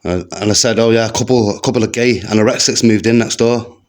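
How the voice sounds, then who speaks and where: A stand-up comedian with a West Midlands accent rattles through a set of one-liners at a quick pace, his fairly low voice staying deadpan between slangy asides. Captured live on stage, the recording has faint crowd noise and bursts of audience laughter.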